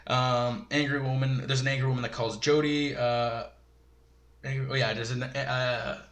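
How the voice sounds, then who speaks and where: A man's voice: medium pitch, steady tone, moderate pace, fairly bright tone. A man giving a rambling, casual episode recap, full of fillers and chuckling asides. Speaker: show reviewer. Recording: roomy echo.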